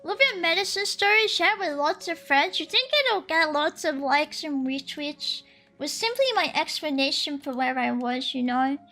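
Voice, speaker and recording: A woman's voice: high-pitched, moderate pace. A young woman from Sweden, streaming and chatting casually with viewers in a giggly, playful way. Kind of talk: casual chat while reading viewer comments. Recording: soft lo-fi music underneath.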